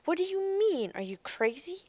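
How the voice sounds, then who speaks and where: A woman voicing a young woman who talks calmly and coaxingly to keep someone talking. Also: on the high side, normal speed, muffled recording. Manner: soothing, coaxing. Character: young woman, calm and persuasive.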